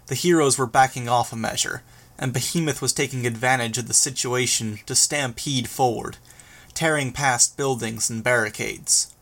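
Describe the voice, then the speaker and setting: Reading a novel aloud, the narrator keeps a steady, deliberate pace. He is a man whose voice is neither high nor low, performing a scripted audiobook reading.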